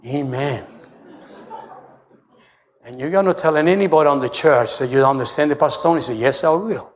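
A middle-aged man pastor with an Italian accent, preaching a sermon in broken English and rising to shouts. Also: moderate pace. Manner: shouts and rises to high pitch when preaching; broken English, storytelling with humor.

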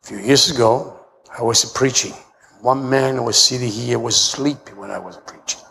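A middle-aged man pastor with an Italian accent, preaching a sermon in broken English and rising to shouts. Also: normal speed, gravelly, a little hiss or hum. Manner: shouts and rises to high pitch when preaching; broken English, storytelling with humor.

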